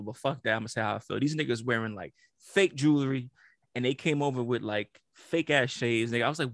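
Man, gravelly voice, dry close sound, casual storytelling, animated. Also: no echo. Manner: animated, swears freely, acts out quotes in a higher voice. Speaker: podcast co-host.

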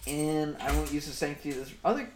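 A young man co-hosts a casual podcast, rambling through a story with constant fillers and swearing. His voice sits slightly high for a man. The room is echoey with a faint hiss behind him. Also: fast. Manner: rambling, profane, many "like" fillers. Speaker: podcast co-host.

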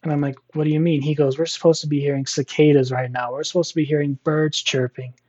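A man's voice: a little high, flat delivery, fast talker, a little mellow, lo-fi sound. A man casually telling a personal story, rambling with many fillers and restarts. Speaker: storyteller guest.

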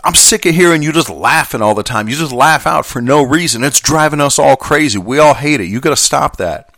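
A man's voice: on the high side, expressive, fast, dry recording, clean studio sound, pitched above the performer's own voice. A man acting out a furious hotheaded coworker. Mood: angry. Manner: loud, accusing, confrontational. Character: hotheaded male coworker, ex-Navy boxer, furious.

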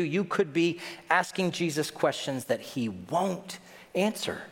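A male pastor delivering a sermon with a very lively, swinging pitch. He acts out the people he quotes. His voice carries a long reverb, as if he is preaching in a big hall. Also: moderate pace.

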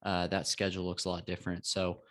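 A man's voice: deep voice, monotone, fairly bright tone. A young man from Texas, a podcast co-host, reflecting casually and checking in with "right?" tags. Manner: measured, frequent "right?" tag questions. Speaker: podcast co-host, former college athlete.

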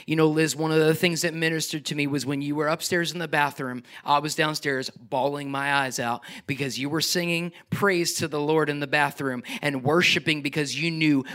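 A middle-aged man preaching a sermon as pastor, animated, climbing to near-shouts and then dropping to soft, quiet asides. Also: on the high side.

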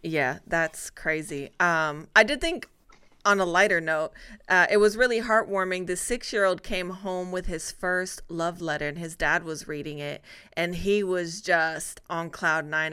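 A woman's voice: lowish voice, a little slow, pushed and bright, smooth. A woman hosting a casual talk show, chatting through the news with small laughs. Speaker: show host. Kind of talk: casual radio-show chat.

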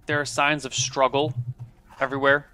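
A man's voice: medium pitch, little pitch movement, normal speed, sharp tone. A man narrating a tabletop game as game master, describing scenes in loose, improvised narration.

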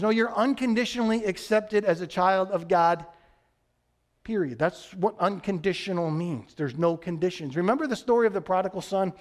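A man preaching a sermon as pastor, earnest and emphatic, sometimes dropping soft and low for stress. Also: normal speed. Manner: earnest, emphatic, acts out quoted voices.

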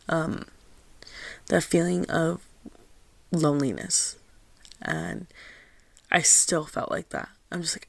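A young woman hosting her own show, telling a personal story in a candid, confiding way, with a steady stream of "like". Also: deep voice, gravelly, no room sound. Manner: candid and confiding, heavy use of "like". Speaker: podcast host.

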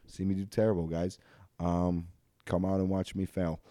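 A man's voice: deep voice, little pitch movement, moderate pace, dark tone, no room sound. A young man in his twenties hosting a comedy podcast, rambling casually with lots of fillers and self-deprecating jokes. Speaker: podcast host.

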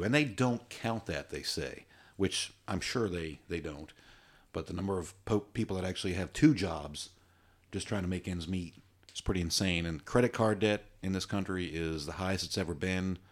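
In a relaxed podcast conversation, a co-host from Virginia rambles and cracks jokes. He has a deep voice and speaks at a moderate pace.

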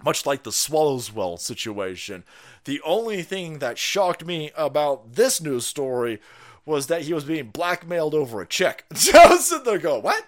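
A middle-aged man ranting through profane live-stream commentary. He laughs often and swings between loud outbursts and low mutters. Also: very animated, normal speed.

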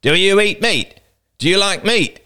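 A man voicing a belligerent older teenage boy who talks loudly and demandingly, in a storybook reading. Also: sits high, lively intonation, a little slow, voice pushed up, heavily acted. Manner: loud, demanding and aggrieved.

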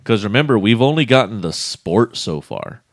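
A man co-hosting a podcast in casual chat, relaxed, laughing often and restarting his sentences. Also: on the low side, moderate pace, dry recording, clean studio sound. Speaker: podcast co-host.

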